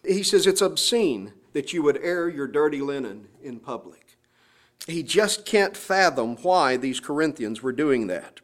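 A man's voice: on the high side, expressive, a little slow. Man preaching a scripture sermon. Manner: expository preaching, quoting scripture with emphasis. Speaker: pastor.

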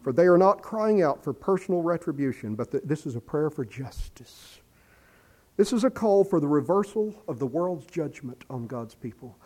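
A man delivers a sermon in a warm, mellow voice that sits a little high. He is earnest, lifting into emphatic pleas and sinking low and soft when he reads scripture. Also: expressive, normal speed. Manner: earnest, rising to emphatic pleading; quotes scripture in a quiet lowered voice. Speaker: preacher.

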